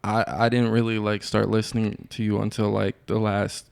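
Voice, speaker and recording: A man's voice: lowish voice, level tone, moderate pace, gravelly, darkish tone, smooth, no room sound. A man hosting a podcast, asking casual interview questions, cursing loosely and filling with "like". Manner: casual, swears freely, fills with "like". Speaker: podcast host.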